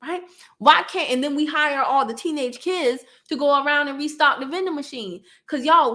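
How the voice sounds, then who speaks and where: A woman's voice: high voice, sing-song, a little slow, a bit bright. A woman, hosting a live stream, chatting casually with her viewers and laughing often.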